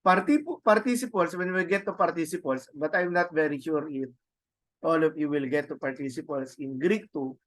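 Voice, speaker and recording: A man with a Filipino accent teaching a Greek grammar lesson, halting and repeating words, often adding "no?" to check on students. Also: fairly high pitch, a bit bright. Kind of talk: classroom lecture.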